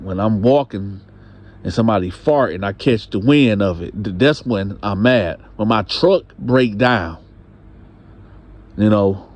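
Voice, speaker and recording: A man voicing a hurt truck-driving husband who pleads, then speaks slow and cold. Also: lowish voice, darkish tone, natural voice. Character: hurt, bitter working husband, truck driver.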